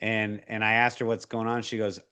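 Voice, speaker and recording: A man's voice: lowish voice, monotone, fairly quick, sharp tone, clear, resonant tone. Earnest man telling a faith story. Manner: earnest, emotional, many restarts and fillers. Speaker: interview guest. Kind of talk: casual storytelling interview.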